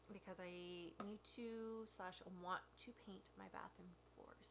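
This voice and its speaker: A woman's voice: medium pitch, steady tone, normal speed, vocal fry, few pauses, a little hiss or hum. A young adult woman talking candidly and a bit rambling in a casual vlog. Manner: candid, meandering, soft at times. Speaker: vlogger. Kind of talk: casual confessional vlog chat.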